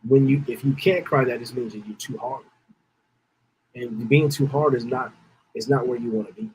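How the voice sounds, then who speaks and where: This podcast host speaks at a normal pace and medium pitch with a darkish tone. His story comes out casual and rambling, with repeated phrases and tears held back. Slight background noise runs through the rough recording.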